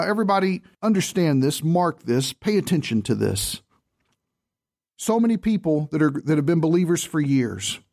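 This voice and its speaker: Male pastor, slightly high pitch, emphatic sermon delivery, reads quotes aloud. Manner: emphatic preaching with rhetorical questions, slows for key words.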